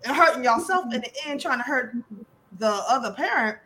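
A woman co-hosting a casual talk show, outspoken and sassy with quick jokes. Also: high-pitched, expressive, bright, forceful tone, slight background noise. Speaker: co-host. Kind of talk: casual chat.

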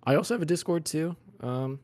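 A young man, a podcast guest, chatting casually in a laid-back, slightly halting way. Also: a little high, a little mellow. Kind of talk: casual chat.

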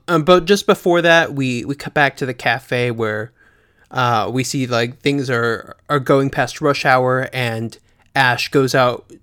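A man co-hosting a podcast in casual chat, chatty, filling pauses with ums and often laughing. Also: medium pitch, bright, forceful tone, clear, resonant tone. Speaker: podcast co-host.

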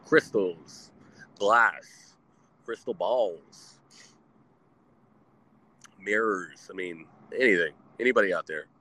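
A man's voice: fairly low pitch, slow pace, long pauses, pushed and bright, rough recording. A man hosting a live talk show outdoors, rambling and heavily profane and often laughing. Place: outdoors in the wind.

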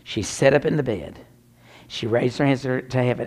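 Male preacher, gravelly voice, swings from loud to hushed, long reverb of a church sanctuary. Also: medium pitch, a little slow. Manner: dramatic storytelling, drops to near whispers. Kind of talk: sermon with personal story.

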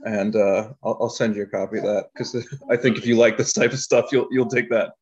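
A filmmaker guest with a lowish, steady, slightly rough voice talks briskly about his filmmaking in a casual interview. He rambles through stories and laughs often, and the audio is dull and lo-fi.

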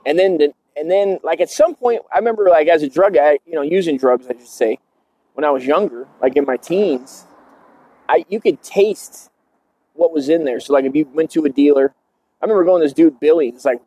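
A man's voice: fairly high pitch, fairly quick, warm tone, slightly rough, no room sound. A man in his forties hosting a podcast, telling stories casually in a profane, rambling way and tossing in "dude" and "man". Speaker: podcast host. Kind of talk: casual storytelling.

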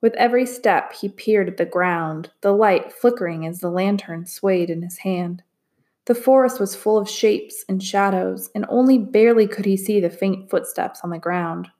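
Woman reading a storybook aloud. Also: mid-range voice. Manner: expressive, measured reading. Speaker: narrator. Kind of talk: storybook read-aloud narration.

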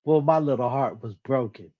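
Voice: medium pitch, moderate pace, muffled recording. A podcast co-host telling a childhood story in casual chat, acting out the quoted dialogue and laughing at themself. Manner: animated retelling, acts out quoted dialogue, laughs at self.

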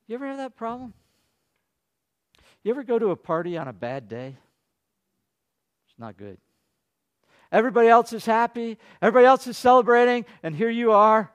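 A man with a fairly high voice preaching a sermon to his congregation. He tells the story in a loose, conversational way, fires off rhetorical questions, and swings from loud, excited preaching to soft, quiet asides. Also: fairly quick, pauses often, smooth, dull audio. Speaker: pastor.

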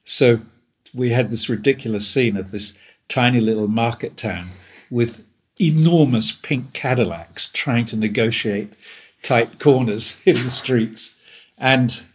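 An older English man in his seventies, a guest telling stories in a rambling, amused way and laughing often. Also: mid-range voice. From England. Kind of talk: casual chat.

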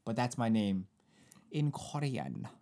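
A man co-hosting a podcast, joking around with wordplay in casual chat, often pausing with fillers. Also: mid-range voice, very animated, warm tone. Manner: jokey, wordplay, hesitant fillers. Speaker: podcast co-host.

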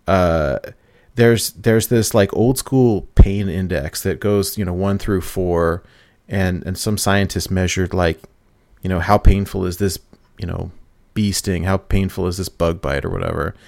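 A man casually telling a long story on a podcast, excited and laughing as he goes, often acting out quotes. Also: low-pitched, a little slow, gravelly, no echo, studio quality. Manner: animated storytelling, laughs, mimics people in quotes. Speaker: podcast host.

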